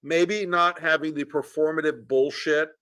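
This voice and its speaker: Sardonic Southern man, bright tense voice. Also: on the high side, steady tone, normal speed, smooth, dry recording. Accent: Southern American. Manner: sardonic, profane banter. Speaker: co-host. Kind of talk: casual political chat.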